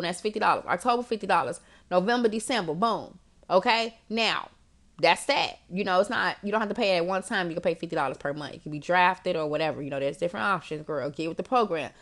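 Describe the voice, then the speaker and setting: A young woman hosting a podcast and coaching listeners in a casual, animated, slangy monologue with frequent laughter. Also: mid-range voice, fast talker. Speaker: podcast host and life coach.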